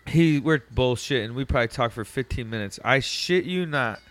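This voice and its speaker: A man's voice: mid-range voice, moderate pace, no echo. Profane, laughing storyteller man. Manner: profane, laughing, animated retelling. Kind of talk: casual storytelling chat.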